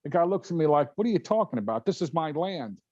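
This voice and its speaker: A man's voice: on the high side, fast, no echo. Older man telling a story on a dull line. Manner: animated storyteller, acts out voices, laughs often. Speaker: guest pilot. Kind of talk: casual storytelling. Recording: dull lo-fi sound.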